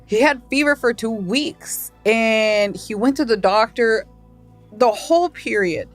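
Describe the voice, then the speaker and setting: A woman hosting a podcast, chatting in a relaxed way and often answering with short agreeing sounds. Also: on the high side, measured pace, faint music behind. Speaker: podcast host. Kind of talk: casual chat.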